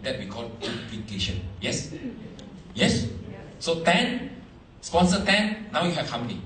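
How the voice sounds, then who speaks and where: A man giving a seminar talk to a live audience, animated, quizzing the crowd, in broken English phrasing. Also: a little high, a little slow, reverberant, distant mic, poor audio. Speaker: motivational speaker at a business seminar.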